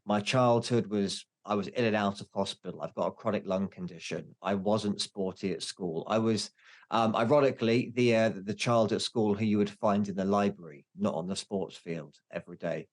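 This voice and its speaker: A man's voice: lowish voice, normal speed. A man in his forties, a podcast guest, talking candidly and mocking himself, with many restarts. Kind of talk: casual interview chat.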